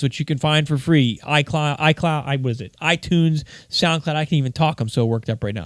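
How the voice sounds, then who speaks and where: A man's voice: on the high side, brisk, few pauses, fairly bright tone, no echo, clean studio sound. A man hosting his own podcast, talking alone in a rambling, worked-up way with many restarts. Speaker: podcast host. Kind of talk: solo podcast monologue.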